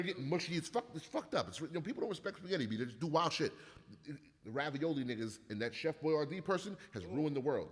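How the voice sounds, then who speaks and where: Man, lively and slightly high, profane comic storyteller, long hall reverb. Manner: animated, profane, storytelling with acted-out quotes. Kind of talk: casual comedic chat.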